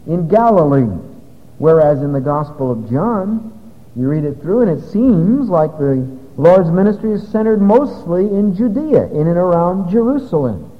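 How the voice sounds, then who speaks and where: A man's voice: high voice, big pitch swings, normal speed. A man teaching an evening Bible study to a live audience, explaining step by step in a conversational way. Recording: dull lo-fi recording with long hall reverb.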